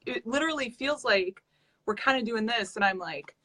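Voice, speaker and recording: A woman from Wisconsin chats casually as a guest on a live stream, talkative, telling stories and laughing often. Her voice is on the high side, expressive and sharp in tone, at a moderate pace.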